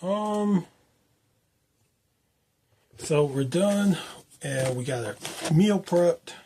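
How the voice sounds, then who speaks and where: A man with a mellow, slightly husky voice talks his way through a home workout video. He takes his time, cracks jokes and counts reps out loud at an unhurried pace. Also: a little high, lively intonation. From United States. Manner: joking, counts reps aloud. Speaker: fitness vlogger. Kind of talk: casual workout vlog.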